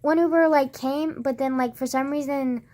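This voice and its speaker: A woman's voice: high voice, normal speed, a little hiss or hum. A young woman telling a rambling story in a casual vlog, full of "like" and swearing, acting out what people said. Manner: rambling, heavy use of "like", swearing; animated retelling with quoted dialogue.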